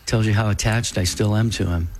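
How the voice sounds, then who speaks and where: A man co-hosting a radio talk show, speaking in a gentle, reflective way. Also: lowish voice, steady tone, fairly quick. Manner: gentle, reflective, faith-minded. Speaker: radio co-host.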